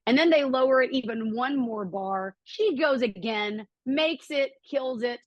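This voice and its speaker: A middle-aged woman telling a personal story as a podcast guest, acting out quotes with lively jumps in her voice. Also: unhurried, no room sound, lo-fi sound. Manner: animated, acts out quotes with lively pitch jumps.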